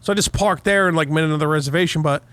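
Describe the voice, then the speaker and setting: A young man co-hosting a podcast, telling a profane, animated story in casual chat. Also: a little high, very fast, no room sound. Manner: profane, animated retelling with heated quoted outbursts. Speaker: podcast co-host.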